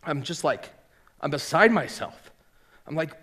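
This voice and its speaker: A man's voice: a little high, expressive, normal speed, fairly bright tone. A middle-aged man telling a personal story live on a theater stage, chatty and full of fillers. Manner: chatty, filler-heavy, voices quoted people.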